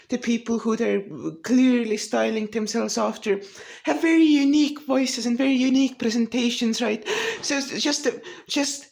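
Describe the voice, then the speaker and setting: A woman vlogger ranting casually, profane and rambling, with many restarts. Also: sits high. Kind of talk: casual rant to camera.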